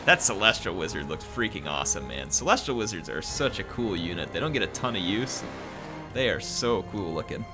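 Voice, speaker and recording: A man with a lowish voice talks through a strategy battle, his pitch leaping around as he chats and cheers. Game music plays clearly behind him. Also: a little fast. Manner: excitable, chatty, cheering at big moments. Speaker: gameplay commentator. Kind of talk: let's-play commentary.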